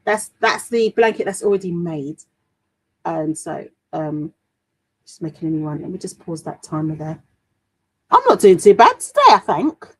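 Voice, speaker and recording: A woman's voice: fairly low pitch, sing-song, normal speed, a bit bright, husky, low-quality recording. An adult woman from the UK hosting a crafting livestream, chatting casually and reading out viewer comments with plenty of fillers and restarts. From United Kingdom. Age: adult, mother of a daughter. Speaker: livestream host.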